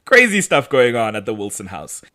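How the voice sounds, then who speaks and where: A man co-hosting a podcast, casually recapping a TV episode with lots of laughter and excitement. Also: medium pitch, a little fast. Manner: animated, laughing storyteller. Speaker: podcast co-host.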